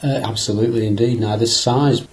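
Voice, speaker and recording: A man's voice: medium pitch, steady tone, brisk, poor audio. A man in a casual conversation, recalling fishing trips in a rambling, anecdotal way with many fillers and restarts.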